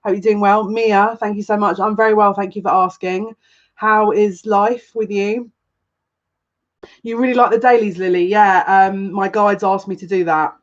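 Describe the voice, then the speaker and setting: A woman psychic reader chats on a live stream in a mid-range voice at normal speed, with fairly even intonation and the highs cut off. She rambles casually and greets viewers one at a time by name. Her accent is noticeable, and viewers compliment it.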